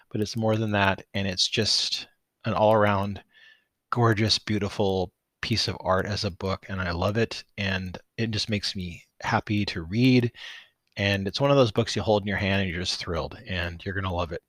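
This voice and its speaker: A man's voice: low voice, no room sound. A man hosting a podcast, wrapping up the episode with an enthusiastic, gushing outro full of restarts. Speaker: podcast host.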